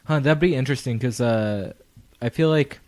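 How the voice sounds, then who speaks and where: A man's voice: mid-range voice, normal speed, darkish tone. A man hosting a podcast in casual chat, laid-back and hesitant, with many short reactions. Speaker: podcast host.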